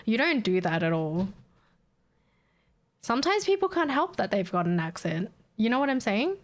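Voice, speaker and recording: A woman's voice: fairly high pitch, big pitch swings, normal speed. A young Australian woman with an Australian accent, chatting casually with her stream viewers in a blunt, sweary way and laughing often.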